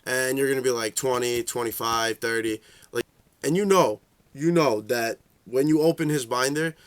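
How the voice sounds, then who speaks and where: A young man giving a casual, rambling rant about trading cards, swearing a lot and filling gaps with "like" and "uh". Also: a bit bright. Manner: profane, rambling, full of fillers; shifts into high voices for quoted reactions. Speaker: card game vlogger.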